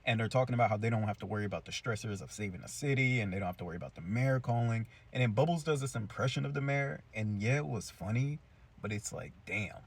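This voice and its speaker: A young man casually recapping a cartoon episode in a chatty, slangy, animated way. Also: fairly low pitch, fast, gravelly, slightly rough. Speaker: cartoon reviewer.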